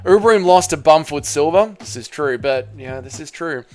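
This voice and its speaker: A man's voice: fairly high pitch, lively intonation, moderate pace, darkish tone. A man with an Australian accent who streams live, chatting casually with his viewers and swearing freely. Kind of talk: casual livestream reaction chat.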